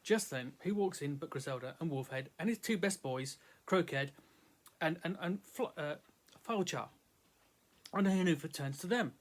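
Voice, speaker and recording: A male reader narrates a story aloud in a relaxed, conversational way. His voice sits a little on the high side, and he tells the tale in a folksy voice, stumbling now and then over a word. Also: moderate pace. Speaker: audiobook reader. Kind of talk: casual storytelling read-aloud.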